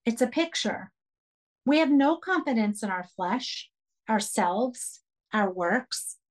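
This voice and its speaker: A woman's voice: fairly high pitch, animated, takes it slowly. A woman leading a Bible study for women, speaking earnestly and emphatically and urging listeners to take notes.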